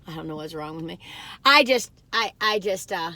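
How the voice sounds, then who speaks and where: A woman's voice: fairly low pitch, expressive, moderate pace, pushed and bright, dry recording. A woman in her sixties telling a long personal story and reviewing food in a casual, rambling way, full of fillers, restarts and joking asides about herself. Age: 60s. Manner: chatty, wandering, lots of fillers and restarts; self-deprecating, joking asides.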